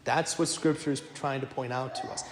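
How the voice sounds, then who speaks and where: Animated priest in an echoey church. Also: male voice, medium pitch, background noise. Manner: animated, self-deprecating humor, quick asides. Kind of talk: lively sermon with storytelling. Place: large church.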